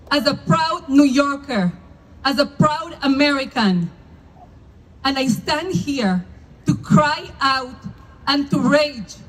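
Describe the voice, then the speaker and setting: A woman's voice: very high-pitched, a bit bright, low-quality recording. A woman from Argentina, a religious leader, giving a fiery and emphatic protest speech at an outdoor demonstration. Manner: fiery, rhetorical, slow, emphatic. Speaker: religious leader speaking at a rally.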